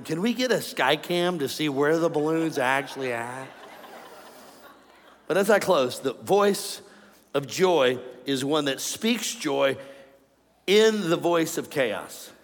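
A man preaching a sermon to a congregation, animated and joking with the crowd. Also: on the high side. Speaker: pastor. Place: large church auditorium. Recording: long hall reverb, faint ambience.

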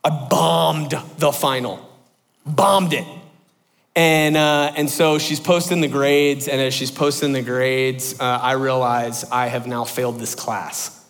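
A man telling a personal story to an audience in an animated, excitable way, full of exclamations. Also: medium pitch, slow, big-room sound. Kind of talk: personal anecdote told to an audience.

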